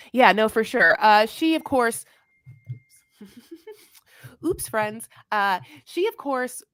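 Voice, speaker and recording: A woman's voice: mid-range voice, dry recording, studio quality. A woman co-hosting a TV recap podcast, chatting casually with playful sarcasm and jokey asides. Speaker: podcast co-host.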